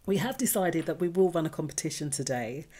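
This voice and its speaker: A woman co-hosting a casual chat show, feeling a bit unwell, chatty and quick to laugh. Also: deep voice, expressive, warm tone, slightly rough. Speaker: podcast co-host.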